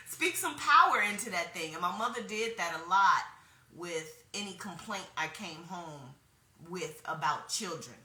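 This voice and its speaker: Chatty woman with a bright voice in an echoey room. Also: fairly low pitch, expressive, measured pace. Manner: frank, chatty storytelling with slang. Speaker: wellness workshop presenter. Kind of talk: casual spoken workshop talk.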